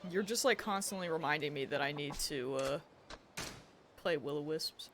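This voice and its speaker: A woman's voice: sits low, normal speed, background noise. A woman streamer chatting casually while playing a game and telling stories with frequent giggles. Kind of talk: casual live-stream gameplay chat.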